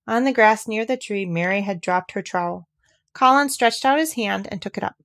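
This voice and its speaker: A woman reads a classic children's novel aloud in steady, clear narration. Her voice sits at an ordinary middle pitch. The recording is dry and close. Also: normal speed, dry recording. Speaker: audiobook reader. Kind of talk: scripted narration.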